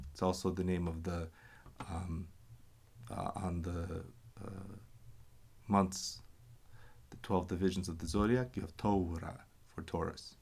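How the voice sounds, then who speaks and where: Slow, deep-voiced man teaching reading. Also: a little mellow, husky. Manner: patient, stops to explain and correct himself. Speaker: language teacher. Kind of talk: slow explanatory reading lesson.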